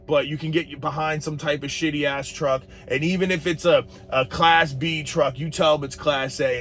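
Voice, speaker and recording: A man's voice: a little high, a bit bright. A young adult man, a truck driver, talking bluntly and profanely in a casual vlog monologue.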